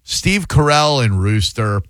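Man, radio host, casual banter, sarcastic, teasing, mid-pitched, dry sound. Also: lively intonation, takes it slowly, fairly bright tone, dry recording.

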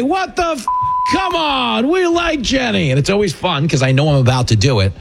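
A middle-aged man hosting a political talk radio show, delivering a sarcastic, mocking monologue that slips into put-on voices. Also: medium pitch.

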